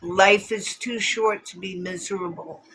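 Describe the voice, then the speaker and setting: A woman chatting on a casual livestream, talking at an unhurried, slow pace. Her voice has a bright, forward edge, and she is jokey and chatty with viewers, now and then slipping into snatches of song. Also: medium pitch, steady tone, breathy edge. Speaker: livestream host. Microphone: phone or streaming setup.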